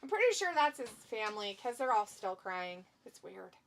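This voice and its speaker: A woman's voice: medium pitch, big pitch swings, normal speed, a little hiss or hum. A woman hosting a live wrestling watch-along, chatty and giggly, reading chat messages aloud. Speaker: stream host. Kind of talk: casual watch-along commentary.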